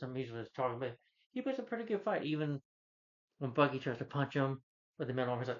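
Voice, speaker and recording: A man casually retells a movie's plot, full of fillers and quick quoted lines. His voice sits in the middle range. The recording sounds dull and lo-fi. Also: medium pitch, lively intonation. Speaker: movie reviewer. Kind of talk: casual film recap.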